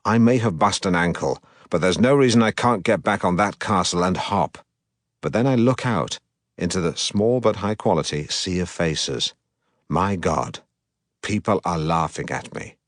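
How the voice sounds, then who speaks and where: A pompous middle-aged broadcaster narrates his own story as an audiobook, deadpan and full of self-importance. His low voice comes at a normal speed, recorded dry and close with no room sound.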